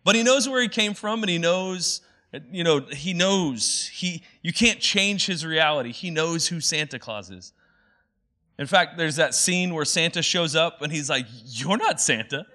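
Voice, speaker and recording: A thirtysomething male pastor preaches conversationally, his fairly high voice pushed and bright, with lively intonation and a slightly slow pace. Chatty and full of fillers, he tosses in playful asides and quotes movie lines in playful voices.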